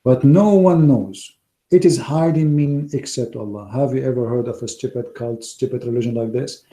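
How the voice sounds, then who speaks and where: Hoarse, emphatic man with a dark voice. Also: mid-range voice, steady tone, brisk. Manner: emphatic, scornful, non-native grammar. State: hoarse, losing his voice. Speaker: online Christian debater. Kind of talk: polemical talk to a live audience.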